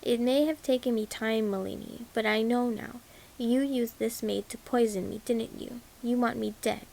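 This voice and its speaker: A woman's voice: fairly high pitch, steady tone, normal speed, vocal fry, darkish tone, rough recording. Woman voicing a furious, grieving jailer woman. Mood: bitter, furious. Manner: savage, bitter, trembling.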